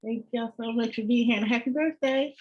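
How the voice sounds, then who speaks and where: A panel moderator with a mid-range voice introduces the guests and asks them questions. The tone is measured and friendly, and the audio sounds dull and lo-fi. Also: medium pitch.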